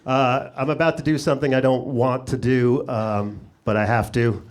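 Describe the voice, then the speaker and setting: A man doing a stand-up comedy set on a club stage with a handheld mic, sarcastic, his pitch jumping up for punchlines and acted-out voices. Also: steady tone, normal speed. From United States. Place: comedy club stage before a laughing audience.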